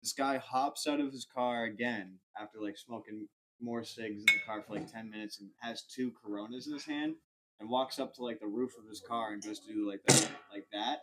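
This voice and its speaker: A man's voice: on the low side, a little fast, noisy background. Rambling young man telling a story. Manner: rambling, animated anecdote with lots of fillers and swearing. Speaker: podcast host. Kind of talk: casual storytelling.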